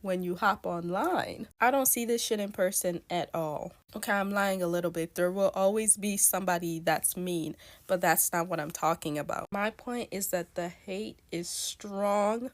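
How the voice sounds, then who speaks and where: A woman's voice: lowish voice, normal speed, few pauses. A woman from Africa speaking frankly and earnestly in a casual vlog monologue.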